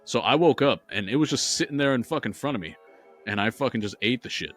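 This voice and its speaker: Over soft background music, a man co-hosting a podcast speaks fast in an expressive, medium-pitched, slightly bright voice. He's a profane storyteller, rambling through tales in casual conversation and cursing without restraint.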